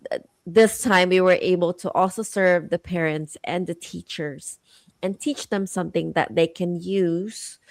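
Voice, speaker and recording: A woman co-hosting a podcast, chatty and quick to laugh and tease. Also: lowish voice, no room sound. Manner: laughing, teasing, warm storytelling. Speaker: podcast co-host. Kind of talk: casual interview chat.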